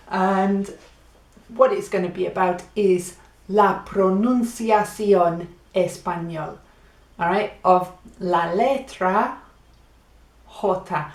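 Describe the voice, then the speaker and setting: A woman gives a playful Spanish lesson and acts out laughs and animal sounds to make her points. She speaks unhurriedly at a middling pitch, and her voice rings in a roomy, echoing space. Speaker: Spanish teacher. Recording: echoey room.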